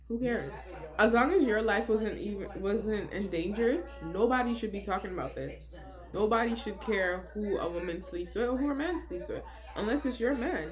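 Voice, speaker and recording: A young woman giving blunt, exasperated commentary on a reality TV episode, laughing often as she reacts. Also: mid-range voice. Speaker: reality TV recap vlogger.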